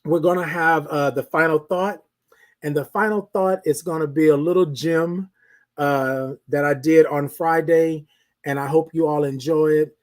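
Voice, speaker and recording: A man's voice: fairly high pitch, steady tone, normal speed. Emphatic man asking rhetorical questions. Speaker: host of a motivational show. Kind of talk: motivational talk.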